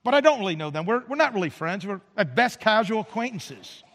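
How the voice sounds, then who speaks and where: A man's voice: high-pitched, very animated, a little fast, a bit bright. A man in his fifties preaching a sermon with an emphatic, dramatic delivery. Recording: long hall reverb.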